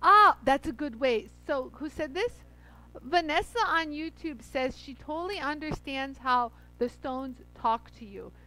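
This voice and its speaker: A woman's voice: high voice, lively intonation, unhurried, bright, forceful tone, low-quality recording. A woman hosting a casual livestream, chatty and effusive, greeting viewers by name as she demos grinding a stone. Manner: laughs often. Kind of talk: casual livestream chat and demo.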